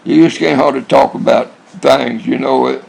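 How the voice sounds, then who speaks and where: A man's voice: mid-range voice, steady tone, normal speed, a little mellow. An older man, rambling bluntly in a monologue with many restarts. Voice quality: gravelly, husky. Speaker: YouTube vlogger.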